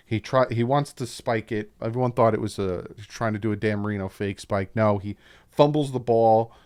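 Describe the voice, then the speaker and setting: A man's voice: fairly low pitch, normal speed, a little mellow, clean tone, dry recording. A man hosting a casual football film breakdown, talking as an opinionated fan with frequent asides. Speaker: YouTube football film-study host.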